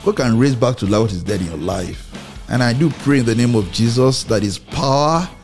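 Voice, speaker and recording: A man preaching a sermon, repeating phrases for emphasis, with swings in pitch and pace. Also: a little mellow.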